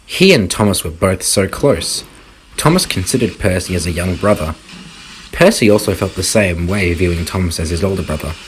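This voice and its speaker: A man narrating a fan audio drama in a steady, dramatic storytelling manner. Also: low-pitched, slight background noise, poor audio.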